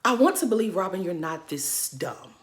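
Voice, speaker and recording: A woman's voice: fairly low pitch, very animated, normal speed. A woman giving blunt, sassy reaction commentary on a reality show, talking straight to the cast.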